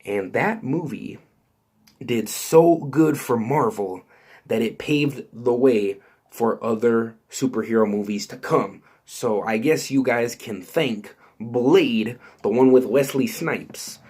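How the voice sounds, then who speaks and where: Male channel host, mid-range voice, excitable and rambling, heavy on fillers. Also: mid-range voice, slow, slightly rough. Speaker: YouTube host. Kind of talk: excited casual vlog commentary.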